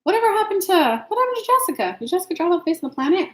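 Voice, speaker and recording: A woman's voice: very high-pitched, very animated, very fast, echoey room, low-quality recording. A woman hosting a live stream as an intuitive reader, giving frank, casual advice and answering viewers' questions by name, swearing now and then.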